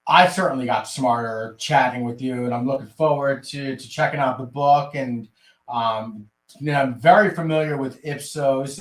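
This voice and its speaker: A man hosting a podcast interview, upbeat and effusive as he thanks his guest. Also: medium pitch. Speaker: podcast host. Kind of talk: casual interview chat. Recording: roomy echo.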